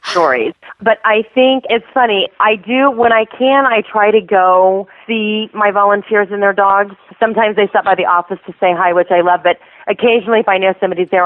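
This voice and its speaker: A woman's voice: medium pitch, no echo. Enthusiastic woman, laughing often, tinny phone-line sound, dry. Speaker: airport therapy dog program coordinator. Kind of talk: phone interview storytelling.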